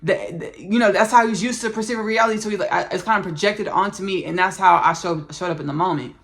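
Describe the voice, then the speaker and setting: Hosting a spiritual podcast, a woman with a medium pitch and quick pace channels and recounts messages from spirits. She is effusive and repetitive, softly murmuring thanks.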